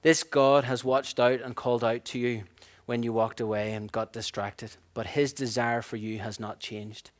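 Animated man preaching a sermon. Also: mid-range voice, normal speed, few pauses. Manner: animated storyteller, acts out voices, laughs at his own stories.

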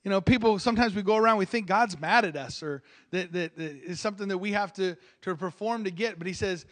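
Male guest preacher with a high voice, emphatic church sermon, calls for amens, stumbles into restarts. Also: quick pace. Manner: emphatic, calls for amens, repeats his starts. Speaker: visiting preacher.

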